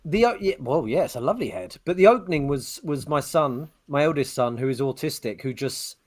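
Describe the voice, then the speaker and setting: A man's voice: a little high, a little fast. A man co-hosting a podcast, telling rambling stories in casual chat and acting out the lines he quotes. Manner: rambling storyteller, animated retelling of quotes. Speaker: podcast co-host.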